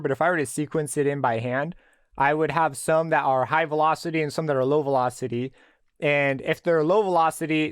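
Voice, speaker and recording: A man giving a relaxed, screen-recorded tutorial on a synthesizer plugin, explaining as he tweaks settings. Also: on the high side, clean tone, dry recording, clean studio sound. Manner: relaxed explanatory, thinking aloud with fillers. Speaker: music production tutor.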